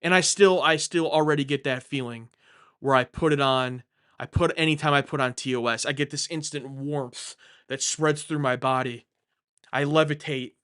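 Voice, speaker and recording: Streaming casually from his home, this young man fields viewer questions with rambling jokes and frequent mid-sentence self-corrections. His mid-range voice is clear, resonant, and fairly bright, with fairly even intonation at a moderate pace.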